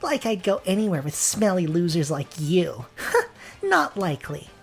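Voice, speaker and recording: A man raises his voice into a sassy young schoolgirl sidekick in a video game, peppy and full of encouragement. Her voice bounces around with lively pitch swings, raised above the performer's own register, and the delivery stays chirpy and upbeat. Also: measured pace, vocal fry, breathy edge, soft background music, exaggerated voice. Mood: defiant.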